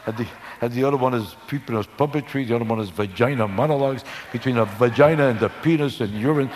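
New man, stand-up, animated kvetching, average pitch. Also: quick pace, a little hiss or hum. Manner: kvetching, animated ranting with Yiddish words. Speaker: stand-up comedian. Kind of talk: stand-up comedy routine.

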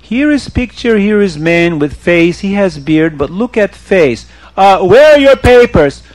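A man's voice: high voice, lively intonation, a little slow, pitched above the performer's own voice. A man voicing a stern, bossy foreign police chief who speaks in broken English and barks questions.

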